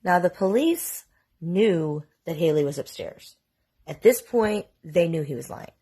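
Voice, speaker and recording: Speaking at a measured pace with lively intonation, a mother in her forties tells a long family story into her phone for a storytime vlog. Her voice sits fairly low, warm and slightly rough. She keeps it casual and chatty, saying "like" a lot and swearing mildly now and then.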